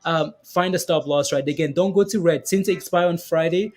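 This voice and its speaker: A man's voice: on the high side, a little fast, a little mellow. A man giving casual live-stream commentary on stock charts, chatty and repetitive, often asking "right, guys?" and reading viewer comments aloud.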